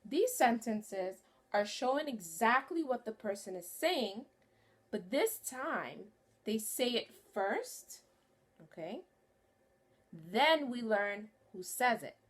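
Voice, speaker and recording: A woman teacher leads a phonics lesson for young children. She talks slowly and clearly, in a voice a little higher than most, and draws out key words to encourage the class. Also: very animated.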